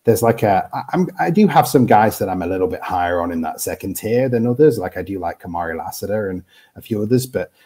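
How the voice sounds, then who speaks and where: A British man in his thirties speaks as a podcast guest, stumbling and restarting as he thinks aloud. His voice sits very low and has a husky, breathy edge. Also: lively intonation, fast, mellow. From United Kingdom. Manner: hesitant, many restarts and fillers. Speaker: guest draft analyst. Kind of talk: casual podcast chat.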